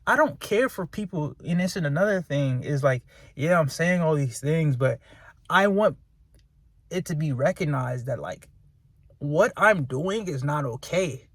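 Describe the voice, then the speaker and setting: A man's voice: on the high side, lively intonation, measured pace, no echo, clean studio sound. A man, venting in a candid, self-critical, profane rant to his viewers. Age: 20s. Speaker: vlogger.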